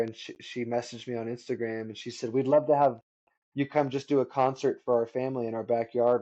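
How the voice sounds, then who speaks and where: A man in his thirties shares his stories in a warm, mellow voice. He laughs easily as he goes. The sound is dull and lo-fi. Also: medium pitch. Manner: laughs often while telling stories. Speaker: guest musician. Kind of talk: casual storytelling.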